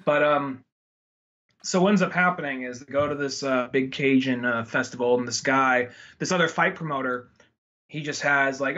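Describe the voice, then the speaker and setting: A man's voice: medium pitch, normal speed, pushed and bright, muffled recording. A man hosting a casual movie review podcast, rambling, swearing and acting out scenes in voices. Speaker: podcast host.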